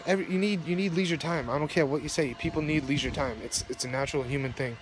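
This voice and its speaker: Speaking quickly in a fairly high voice, a young man shivers in the cold and launches into a rambling, swear-filled rant on his phone camera. Traffic roars nearby, making the recording noisy.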